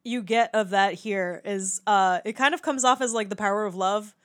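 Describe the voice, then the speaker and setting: A woman's voice: mid-range voice, moderate pace, smooth. A woman in a casual movie discussion, chatty and swearing freely, laughing often and acting out quoted lines. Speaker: podcast co-host.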